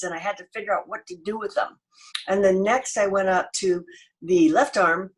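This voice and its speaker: An American woman with a middling pitch tells a personal story in a chatty, animated way. It sounds like relaxed podcast conversation. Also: poor audio. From United States. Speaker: podcast co-host. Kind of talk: casual storytelling chat.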